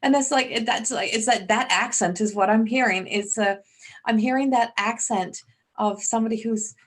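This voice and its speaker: A woman's voice: a little high, fairly even intonation, moderate pace. Woman giving a rambling psychic reading. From Newfoundland, Canada. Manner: rambling, trailing off and restarting, relaying messages. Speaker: psychic medium. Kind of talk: live-stream reading.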